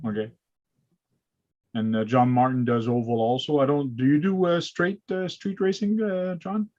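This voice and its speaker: A man's voice: mid-range voice, moderate pace, a little mellow. A man hosting a casual hobby livestream, explaining things step by step with plenty of uh's over a video call. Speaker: host. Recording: lo-fi dull sound.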